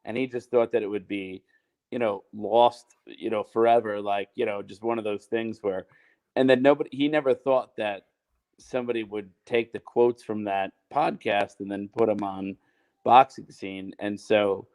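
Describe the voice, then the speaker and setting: A man, a podcast co-host, recounting a story in casual chat, halting and full of fillers. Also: on the low side, fairly even intonation, darkish tone.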